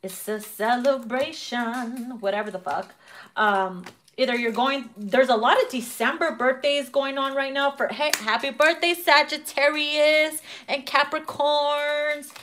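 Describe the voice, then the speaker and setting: A woman's voice: high voice, a little slow, a little hiss or hum. A woman giving a casual tarot reading, brash and profane, laughing often and acting out people's reactions, with her voice getting worn. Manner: animated, acts out quoted reactions. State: losing her voice. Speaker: tarot reader.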